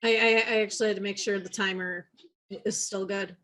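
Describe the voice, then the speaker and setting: A woman's voice: medium pitch, fairly even intonation, fairly bright tone. Give me a playful woman chatting as a tabletop game player. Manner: playful, quick to laugh. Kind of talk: casual chat in a tabletop game.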